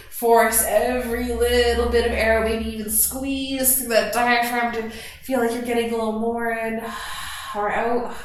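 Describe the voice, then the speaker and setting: A woman leading a gentle yoga class, slowly and softly talking students through breathing and stretches. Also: a little high, a little hiss or hum. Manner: soft, slow guiding cues with gentle encouragement. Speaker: yoga instructor. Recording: very echoey room.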